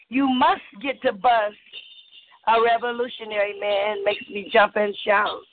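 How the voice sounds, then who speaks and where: A man performing a spoken word poem with a rhythmic, chanting delivery over a call line. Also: high voice. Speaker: poet. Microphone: video call. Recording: muffled phone-like call line with faint noise.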